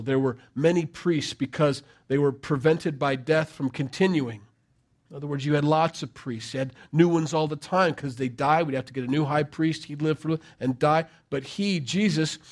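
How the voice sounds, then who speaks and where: A middle-aged man preaching a sermon, conversational and emphatic, with rhetorical questions. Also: fairly high pitch. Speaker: pastor.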